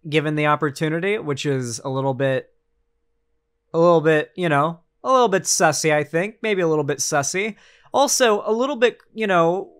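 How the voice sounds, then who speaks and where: A man's voice: fairly high pitch, fairly bright tone, smooth. A man streaming casual political commentary, rambling and sarcastic, with lots of fillers and restarts.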